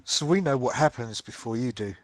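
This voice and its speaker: A man's voice: medium pitch, lively intonation, brisk, dry recording. Joking male podcast host, dry sound. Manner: joking, playful. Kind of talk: casual podcast chat.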